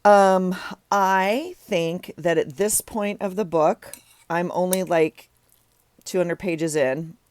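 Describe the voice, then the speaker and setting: A woman's voice: on the low side, steady tone, slow pace, a little mellow, no echo. A middle-aged woman chatting casually while she works in her journal, rambling with self-deprecating asides. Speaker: journaling vlogger. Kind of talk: casual chat while crafting.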